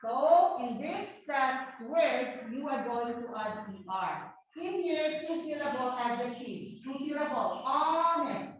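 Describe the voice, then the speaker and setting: Woman teacher, slightly high voice, slow and repetitive delivery, echoey classroom, lo-fi sound. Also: expressive. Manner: slow, repetitive, checks understanding with "okay?". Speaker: English teacher. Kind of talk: grammar lesson to a hybrid class. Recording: dull roomy classroom recording.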